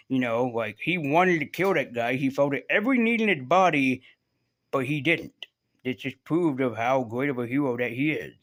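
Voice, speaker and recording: A man's voice: medium pitch, lively intonation, moderate pace, fairly bright tone. Rambling, sarcastic man reviewing comics. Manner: rambling, sarcastic, swears freely. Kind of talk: casual video review.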